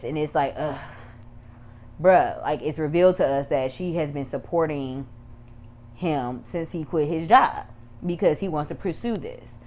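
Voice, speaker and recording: A woman's voice: low voice, normal speed, a little mellow. A woman recapping and reviewing a TV episode in a chatty, rambling way, with asides that turn heated. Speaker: YouTube TV reviewer. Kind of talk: casual recap and commentary.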